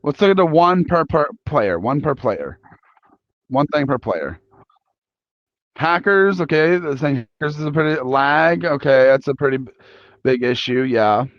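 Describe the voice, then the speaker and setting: A young man hosting a convention panel, talking casually to the audience in a halting way with many restarts. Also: a little high, expressive, dry recording. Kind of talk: live panel talk polling an audience. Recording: dull lo-fi recording.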